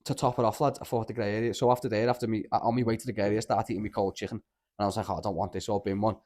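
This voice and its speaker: Scouse podcast host, male, low voice and rapid delivery, rambling, sweary, "lad" every line. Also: level tone, darkish tone. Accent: Liverpool (Scouse). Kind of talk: casual chat, storytelling.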